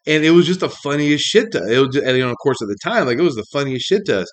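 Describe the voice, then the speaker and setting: A man's voice: mid-range voice, animated, rapid-fire, hardly any pauses. Profane, exasperated man ranting casually. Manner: profane, exasperated, rambling with many fillers. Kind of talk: casual rant monologue.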